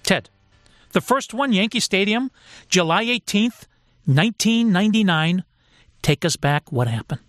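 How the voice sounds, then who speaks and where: Male radio host, deliberate scripted read, a touch high-pitched, soft music bed. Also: lively intonation, dry recording, clean studio sound. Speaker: radio talk show host. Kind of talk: scripted radio interview hosting.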